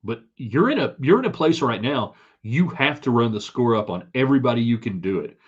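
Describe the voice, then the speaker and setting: The sports podcast host has a medium, slightly rough voice with a sing-song lilt and talks a little fast. On his live sports stream he gives chatty, opinionated commentary full of rambling restarts, recorded through a streaming setup mic as slightly dull lo-fi audio.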